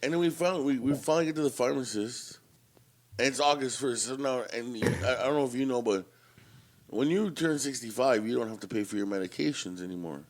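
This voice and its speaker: A man co-hosting a podcast, telling a family story in an animated, profane way. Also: mid-range voice, a little fast. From Canada. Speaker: podcast co-host. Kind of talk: casual storytelling.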